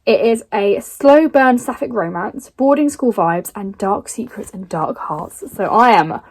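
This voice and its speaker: A young woman gushing excitedly about books she bought and won in a casual vlog. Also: medium pitch, a little slow, dry recording. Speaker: book vlogger.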